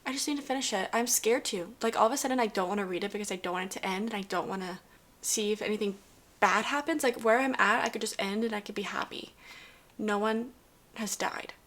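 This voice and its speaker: A woman's voice: mid-range voice, quick pace, a bit bright. A young woman vlogging about a book series, talking casually with lots of fillers and sometimes dropping to a whisper while reading. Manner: chatty, filler-heavy, often drops to a whisper while reading. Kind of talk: casual reading vlog commentary.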